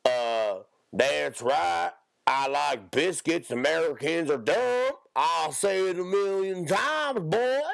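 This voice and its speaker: A man doing a loud, drawling, blustering tough-guy voice in a comedic podcast bit. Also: on the high side, expressive, slow pace, gravelly, dry recording, studio quality, voice pushed up, exaggerated voice. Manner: shouty drawl, tacks "boy" onto lines.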